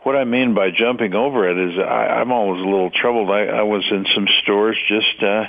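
Gravelly low-voiced man, radio co-host. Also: steady tone, fairly quick. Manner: chatty, wry teasing. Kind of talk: casual radio talk. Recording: phone-like lo-fi radio audio.

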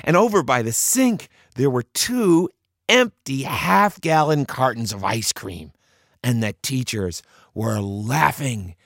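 A male storyteller who performs a childhood memory with lively, swooping intonation. He slips into the children's voices and sinks to a hush when the suspense builds. The sound is close and dry. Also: mid-range voice, slow, no room sound. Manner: acts out the children's voices, drops to hushed tones for suspense.

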